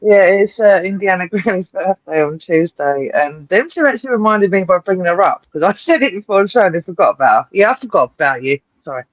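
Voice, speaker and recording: A man's voice: high-pitched, expressive, a little fast, few pauses, no echo. A man co-hosting a casual chat over a phone call, teasing and jokingly mimicking his mum. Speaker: podcast co-host. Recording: dull dry phone line.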